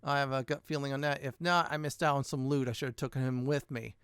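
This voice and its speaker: A man's voice: mid-range voice, steady tone, fast talker, fairly bright tone, clear, resonant tone, dry recording, studio quality. A man hosting his gaming channel, chatting casually and thinking aloud as he loots in a let's-play.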